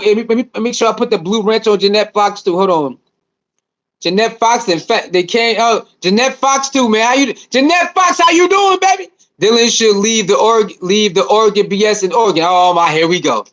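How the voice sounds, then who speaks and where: High-voiced animated livestream host. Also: male voice, fairly quick. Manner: animated, repetitive, slangy banter with viewers. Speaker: livestream host reading chat. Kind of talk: casual livestream chat.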